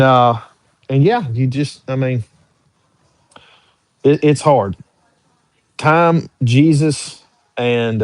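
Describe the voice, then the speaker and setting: A young man hosting a casual livestream reads viewers' chat questions aloud and answers each in an easygoing drawl. His voice is at an ordinary male pitch with a darkish tone, recorded dry and close without room echo.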